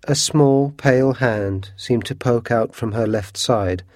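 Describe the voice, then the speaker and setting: A man narrating a storybook in a measured, expressive reading. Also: mid-range voice, dry recording, studio quality.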